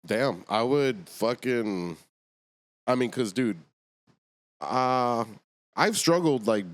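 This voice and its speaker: A man, a podcast guest, talking in relaxed slang in a casual chat. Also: medium pitch, takes it slowly. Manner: laid-back slang, calls people dog and bro.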